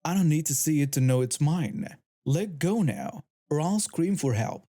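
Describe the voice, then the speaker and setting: A man's voice: on the high side, expressive, moderate pace, warm tone. A man voicing a polite teenage girl. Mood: pleading. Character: frightened but brave teenage blind girl.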